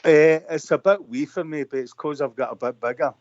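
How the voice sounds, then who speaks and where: A man's voice: a little high, brisk, a little mellow, no room sound. A Glaswegian man in his fifties calling in over a computer, chatting casually and rambling with many fillers. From Scotland. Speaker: caller. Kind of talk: casual phone-in chat. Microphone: computer call. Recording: dull lo-fi call line.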